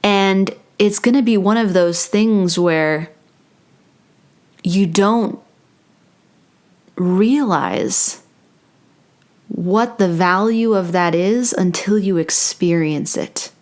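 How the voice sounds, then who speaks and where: A woman's voice: mid-range voice, extremely slow, long pauses, darkish tone. A woman hosting a spiritual talk, speaking unhurriedly into a close microphone and passing on channeled guidance, with playful self-mocking asides. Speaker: meditation and spiritual channeling host. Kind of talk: slow reflective spiritual talk with channeled passages.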